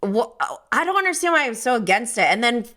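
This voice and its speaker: A woman's voice: a little high, big pitch swings, quick pace, bright, forceful tone. A woman guest on a podcast in casual chat, gossipy and emphatic, often breaking into laughter.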